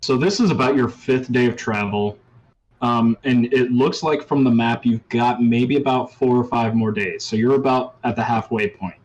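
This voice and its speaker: A man running a tabletop role-playing game as game master, talking in a relaxed way with many ums and uhs. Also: medium pitch, moderate pace, dull audio.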